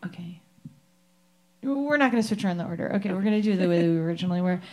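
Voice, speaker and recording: A woman musician, a guest in a radio studio, talking in a soft-spoken, halting way during a casual interview. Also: fairly low pitch, lively intonation. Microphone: studio microphone.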